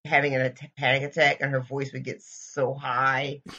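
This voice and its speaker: A woman's voice: very deep voice, level tone, normal speed, bright, forceful tone, dull audio. A woman co-hosting a podcast, chatting casually and easily and laughing often. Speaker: podcast co-host. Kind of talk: casual book-discussion chat.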